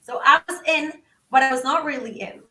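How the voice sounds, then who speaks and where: A woman guest on a podcast, telling a story in an animated, excitable way and acting out the quotes. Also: sits high, a little fast, echoey room, far from the mic, poor audio. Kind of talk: casual storytelling.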